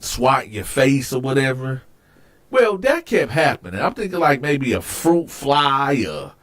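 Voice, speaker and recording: A man hosting a show, telling a personal story casually, animated and profane, acting out scenes with loud outbursts. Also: medium pitch. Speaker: host.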